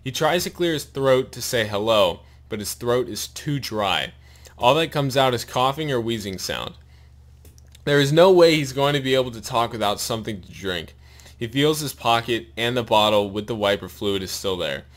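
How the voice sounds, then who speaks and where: A man's voice: medium pitch, moderate pace. Man reading aloud with a sore mouth. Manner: steady read-aloud narration with pained asides. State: sore, bleeding mouth after wisdom tooth removal. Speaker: storyteller reading a long joke.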